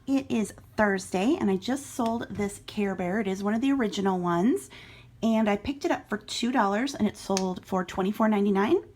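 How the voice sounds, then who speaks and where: A woman's voice: medium pitch, normal speed, a little mellow. A middle-aged woman from Iowa, talking casually and frankly through her online resale sales at home. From Iowa, USA. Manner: chatty, frank, matter-of-fact about prices. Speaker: online reseller vlogger. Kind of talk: casual vlog narration.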